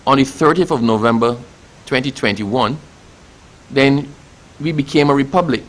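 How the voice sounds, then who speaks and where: A man's voice: medium pitch, moderate pace, poor audio. Barbadian guy on a tv news interview, gets fired up and proud, teasing a bit. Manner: passionate, rising with pride, teasing asides. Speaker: government spokesman interviewed on TV. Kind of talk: lively on-air interview answers. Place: TV studio.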